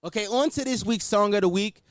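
A man's voice: high-pitched, a little fast. A man hosting a podcast, telling a story in a casual, profane monologue and often laughing. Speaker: podcast host.

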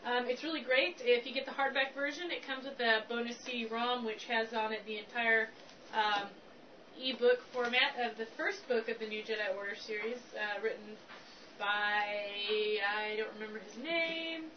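A woman's voice: a little high, normal speed, recorded from a distance. Chatty woman co-hosting a fan podcast. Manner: reads scripted tips, chatty and animated in banter. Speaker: podcast co-host. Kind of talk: casual chat. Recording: dull lo-fi recording with faint hiss.

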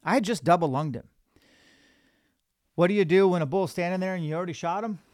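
A man hosting a podcast, telling a hunting story in an animated, casual way. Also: high voice, fast talker, no room sound, studio quality. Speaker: podcast host.

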